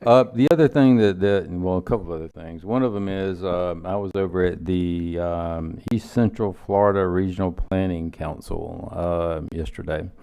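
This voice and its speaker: Man, Southern accent, council member, emphatic, lowish voice, mellow tone. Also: steady tone, clean tone, no room sound. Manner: emphatic, measured. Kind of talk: council meeting remarks.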